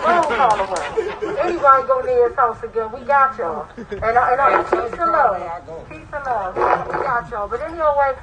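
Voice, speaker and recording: A woman's voice: fairly high pitch, expressive, moderate pace, a loud crowd, rough recording. A woman giving an impassioned, blunt protest speech outdoors as the rally's emcee, pushing her points with rising emphasis.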